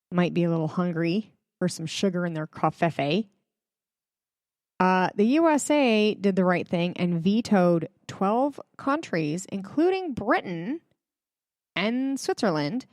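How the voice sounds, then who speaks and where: A woman's voice: mid-range voice, no room sound, studio quality. A woman hosting a casual religious commentary, chatty and emphatic, with many fillers, speaking straight to her viewers. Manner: addresses viewers directly. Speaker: host.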